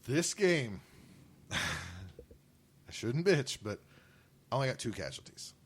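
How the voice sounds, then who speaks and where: A man co-hosting a casual podcast, spinning stories with a lot of laughter. His voice rises and falls freely as he talks. It sits at a middle pitch. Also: takes it slowly, a little hiss or hum. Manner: animated storytelling, laughs often. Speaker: podcast co-host. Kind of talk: casual chat.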